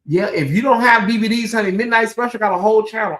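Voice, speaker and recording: A sassy live commentary host who chats straight to viewers like old friends, tossing in "honey" and "girl." The voice sits at a middling pitch, jumping up for loud exclaims and dropping low for quick asides, all in a gossipy, animated delivery. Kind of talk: live reaction commentary, reading chat comments.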